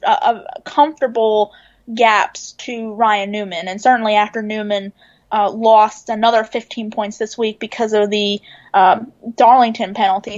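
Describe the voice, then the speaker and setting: A woman with a fairly high voice talks through her thoughts in a measured, thinking-aloud way, dotted with fillers and restarts. The sound is a little dull and lo-fi. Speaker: guest racing writer. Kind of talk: casual podcast chat, analysis.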